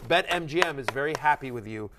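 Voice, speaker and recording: Excitable man riffing on fantasy football. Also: a little high, normal speed, noisy background. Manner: excitable, rambling, restarts a lot. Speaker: fantasy football analyst and co-host. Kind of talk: animated sports podcast chat. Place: studio.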